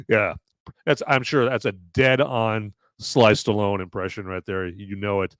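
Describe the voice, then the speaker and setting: A man's voice: lowish voice, normal speed, hardly any pauses, no room sound, clean studio sound. A man hosting a live podcast, bantering casually with his chat and swearing freely. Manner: animated and profane, bantering with chat. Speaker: podcast host.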